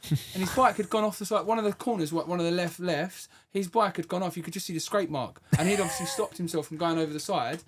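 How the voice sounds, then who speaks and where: A man's voice: high voice, a little hiss or hum. A man hosting a podcast, telling stories in a casual, slangy way with plenty of swearing. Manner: fast, chatty storytelling with slang and swearing. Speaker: podcast host. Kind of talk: casual chat.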